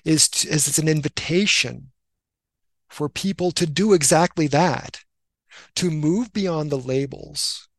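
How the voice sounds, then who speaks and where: A Christian minister and writer, this man is a guest who tells stories in an earnest, reflective way, slowing down for emphasis. His voice is on the high side, and there is no room sound.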